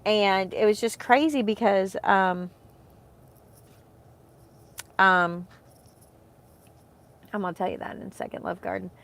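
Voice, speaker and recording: Gravelly-voiced woman in rambling heartfelt chat. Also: medium pitch, normal speed. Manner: rambling, heartfelt, with many fillers. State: emotional, close to tears. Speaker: vlogger, homeschooling mom. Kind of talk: casual chat to camera.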